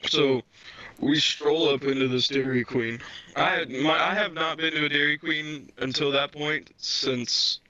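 Bright-voiced man telling a story. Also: a little high, a little slow. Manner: laughs often, swears, animated retelling. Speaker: podcast co-host. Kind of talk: casual chat, storytelling. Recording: dull lo-fi sound.

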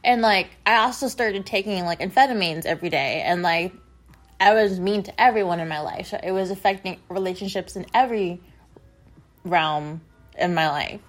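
A woman's voice: fairly low pitch, normal speed, faint music behind. A young adult woman talking straight to her viewers in a confessional vlog, rambling with lots of fillers. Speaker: vlogger. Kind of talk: confessional casual monologue.

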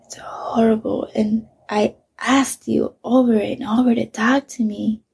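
A woman's voice: a little high, fairly even intonation, unhurried, creaky, darkish tone, breathy edge. A middle-aged woman, a mother, candidly telling a painful personal story, swearing often and sometimes dropping to a whisper.

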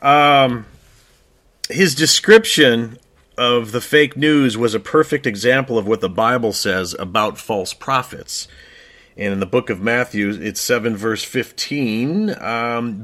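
A man co-hosting an opinion talk show in a casual chat, talking emphatically and rising in pitch when he gets worked up. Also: takes it slowly, a bit bright. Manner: frequent fillers and restarts. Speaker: co-host.

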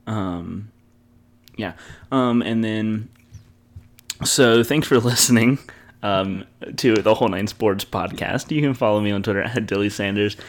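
A man's voice: lowish voice, measured pace. A young man co-hosting a sports podcast in casual, rambling chat, laughing often. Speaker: podcast co-host.

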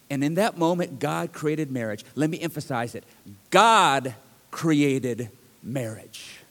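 A man's voice: high voice, long reverb tail. A middle-aged male pastor preaching a sermon in a conversational, joking way that rises to emphatic bursts, in a church. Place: church sanctuary.

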